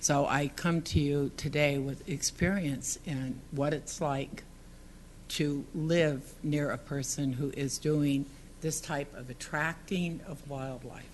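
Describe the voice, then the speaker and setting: A woman's voice: low voice, fairly even intonation, slow pace, a little mellow, a little hiss or hum. Earnest woman giving public comment. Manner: earnest, partly reading prepared text, rambling asides. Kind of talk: public comment at a council meeting. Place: city council chamber.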